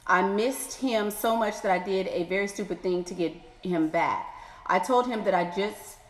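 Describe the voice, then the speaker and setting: Sassy woman in an echoey room. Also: medium pitch. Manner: sassy, exclaiming, playful drawn-out asides. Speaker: advice vlogger reading letters. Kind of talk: animated advice commentary. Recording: echoey room with long reverb.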